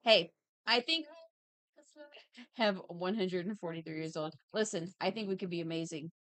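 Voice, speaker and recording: A woman's voice: fairly low pitch, normal speed, a bit bright, dry recording. Playful woman chatting on a livestream. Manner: chatty, playful, reads chat aloud. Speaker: livestream host. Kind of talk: casual livestream chat while drawing.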